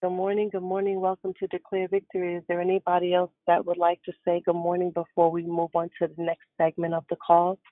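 A woman in her fifties hosts a morning prayer call over the phone. She greets callers warmly in an even, level voice. The phone line is tinny and dry. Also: lowish voice, fast talker, few pauses, no room sound. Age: 50s. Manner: warm, greeting each caller.

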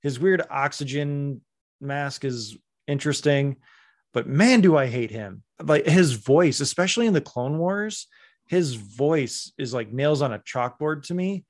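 A man talking casually on a podcast, animated and critical, sometimes slipping into mimicry. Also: fairly high pitch, measured pace. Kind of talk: casual chat.

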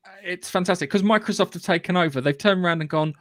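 Brisk podcast co-host, dry mic. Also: male voice, on the high side, fairly bright tone, no room sound. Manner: brisk, teasing, swears casually. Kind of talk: casual chat.

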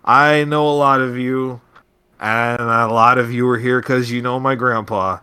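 A man's voice: medium pitch, fairly even intonation, measured pace, sharp tone, clean tone, no echo. A man voicing a tipsy young noblewoman who slurs her words. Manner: slurring. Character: tipsy young noble woman, giggly and brash.

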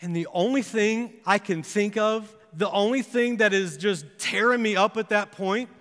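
A pastor preaching a sermon, telling a personal story with earnest, building intensity that rises to impassioned pleas. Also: male voice, high-pitched, normal speed, hardly any pauses, fairly bright tone. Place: church sanctuary. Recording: long reverb of a church hall.

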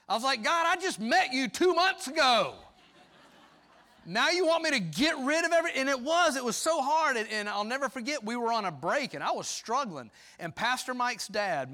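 A middle-aged man preaching a sermon as pastor, animated and folksy. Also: fairly high pitch.

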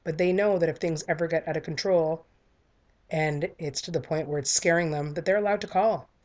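A woman's voice: sits low, brisk, darkish tone. A woman in her thirties giving a candid, earnest talk that tells a personal story in a conversational way. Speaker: speaker sharing a personal story.

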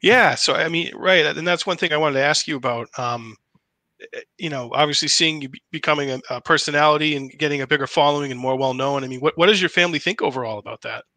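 Rambling stream host guy, bright tense voice, dry close sound, keeps restarting sentences. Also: a little high, quick pace, no echo. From New Hampshire. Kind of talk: casual chat.

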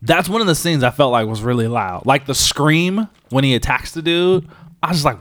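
A man's voice: medium pitch, brisk, no room sound. Young guy ranting about a movie, voice jumps all over, dead dry mic, swears a bunch. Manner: animated, swearing, mimics voices. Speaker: podcast co-host. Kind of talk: casual movie review chat.

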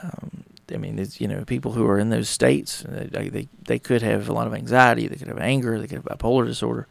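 Podcast host, male, gravelly with heavy fry, casual and rambling, dry close sound. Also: medium pitch, steady tone, brisk, no room sound. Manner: rambling, conversational, acts out little dialogues. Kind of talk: casual solo talk on relationships.

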